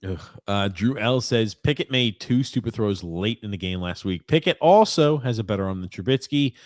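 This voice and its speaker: A man's voice: on the low side, expressive, moderate pace, dry recording, studio quality. A man co-hosting a casual sports podcast, teasing his partner and laughing often as he talks. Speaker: podcast co-host.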